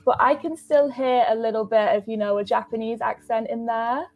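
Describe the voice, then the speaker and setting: A woman's voice: on the high side, steady tone, a little fast, soft background music. Woman tutoring over a video call. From Manchester, England. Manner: friendly, thoughtful, with many ums. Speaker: English tutor. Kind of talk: casual video-call chat.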